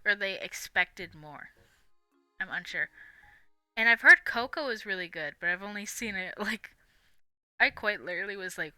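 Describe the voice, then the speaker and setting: A woman's voice: on the low side, sharp tone, smooth, no echo. A young woman live-streaming, chatting casually in a rambling, giggly way with lots of fillers. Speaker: livestream host.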